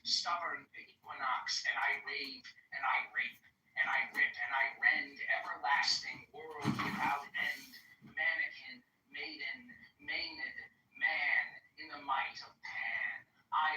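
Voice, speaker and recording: A man reciting a poem in a chant, moving between whispers and shouts. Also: a little high, dull audio. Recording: roomy, distant, faint noise.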